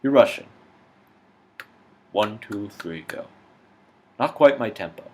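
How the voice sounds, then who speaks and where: Harsh, bullying male music teacher impression by a man, clipped barked orders, low voice. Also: expressive, slow, darkish tone, a little hiss or hum. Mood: demanding.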